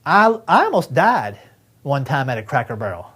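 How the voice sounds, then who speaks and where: A man's voice: mid-range voice, very animated, moderate pace, a bit bright, breathy edge. Stand-up comic, man in his fifties, folksy, voices both sides of his stories. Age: 50s. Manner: folksy storytelling, acts out dialogue with friends and doctor. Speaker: stand-up comedian. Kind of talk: stand-up comedy routine.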